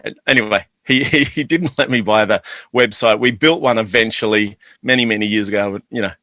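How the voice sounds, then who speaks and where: A man's voice: fairly low pitch, brisk, pushed and bright, no echo. A middle-aged man, a guest on an interview, enthusiastically telling rambling anecdotes about his business. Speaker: guest, chocolate business owner. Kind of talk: casual interview storytelling.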